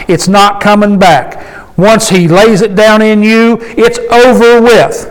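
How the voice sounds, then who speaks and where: High-voiced folksy preacher man. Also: steady tone, slow pace, rough recording. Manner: folksy, emphatic, asks the congregation questions. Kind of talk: conversational sermon with call and response.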